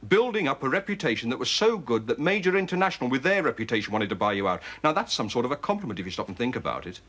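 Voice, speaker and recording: A self-made businessman who argues bluntly and then reassures. His voice sits at a middle pitch but swoops widely as he makes his points. It is 1980s television soap acting. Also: very animated, rapid-fire, a bit bright. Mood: persuasive. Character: practical self-made businessman giving advice.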